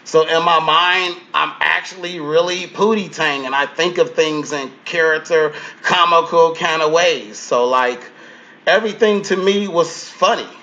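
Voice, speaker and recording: A high, bright male voice belongs to a comedian guest spinning an animated, profane story. He jumps into other people's lines with shifting voices. The audio is dull and lo-fi. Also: unhurried. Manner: profane, acts out quotes in changing voices.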